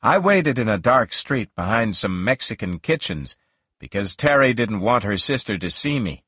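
A man reading a first-person novel aloud in a slow, measured, expressive way. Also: on the low side, slightly rough, dry recording, studio quality. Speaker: audiobook narrator.

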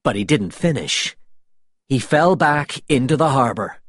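A man reading a storybook aloud, slow and deliberate with a very lively rise and fall in his voice. The recording is close and dry, with no room sound. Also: medium pitch, no echo. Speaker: narrator. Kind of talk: scripted storybook narration.

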